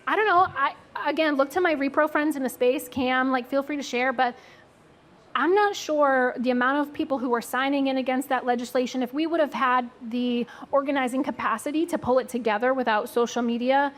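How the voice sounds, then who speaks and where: Woman, community activist, slightly high voice, casual and hedging on a live panel. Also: steady tone, brisk. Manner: conversational, hedging, passes the floor to others. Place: live event at a coffee house.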